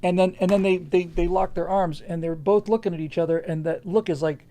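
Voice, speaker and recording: A man hosting a livestream answers viewer questions in casual, unscripted, rambling commentary full of restarts. His voice sits high and mellow with fairly even intonation, and he talks briskly with hardly any pauses.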